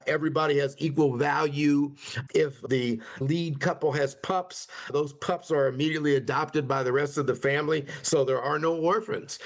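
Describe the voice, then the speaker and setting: A man giving a conflict resolution webinar at a mid-range pitch. His delivery is casual and talky, and he slips into quoted dialogue with quick pitch jumps. He sounds like a trainer teaching his audience. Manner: conversational, acts out quoted lines with lively pitch jumps. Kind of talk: webinar presentation.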